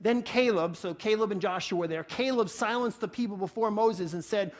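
A man's voice: high-pitched, fairly quick, few pauses. A man preaching a sermon with a New York accent, getting worked up and repeating phrases for emphasis. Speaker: pastor.

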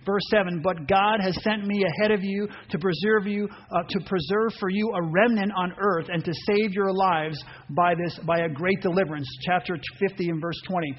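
Male preacher, sermon, high voice, dull muffled recording, faint hiss. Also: moderate pace, hardly any pauses. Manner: animated, acts out voices and reads scripture aloud.

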